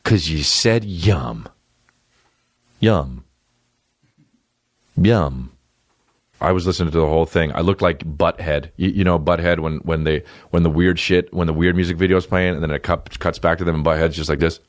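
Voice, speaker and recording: A man in his forties, a comedian hosting his podcast, riffing crude jokes in an animated way and jumping into high silly voices. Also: quick pace, hardly any pauses, no echo, clean studio sound. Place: podcast studio. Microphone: studio microphone.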